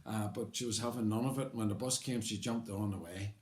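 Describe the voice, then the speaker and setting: An older man from Belfast, Northern Ireland, tells his own life story in a wry, conversational way, rambling a little and using fillers. His voice is on the low side, steady and a little mellow, at a fairly quick pace, and the recording has a roomy echo.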